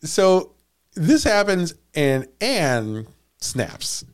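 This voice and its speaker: A man telling a story on a comedy podcast, animated and quick to laugh at his own asides. His voice sits slightly high and swings widely in pitch. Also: clean tone.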